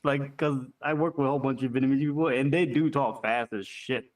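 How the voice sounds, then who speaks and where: A young man chatting in a relaxed, self-deprecating way, swearing casually. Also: medium pitch, a little fast. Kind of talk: casual chat.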